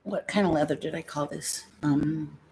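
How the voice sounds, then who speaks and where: A woman's voice: deep voice, moderate pace, darkish tone, a little hiss or hum. A middle-aged American woman hosting a livestream, telling rambling family stories in a casual, chatty way and slipping into voices of her relatives. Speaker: livestream host selling bags.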